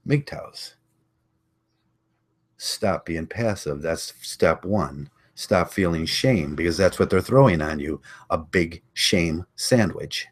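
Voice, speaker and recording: Man, deep voice, slight rasp, blunt combative rant, repeats his points. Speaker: online channel host. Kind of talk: ranting monologue.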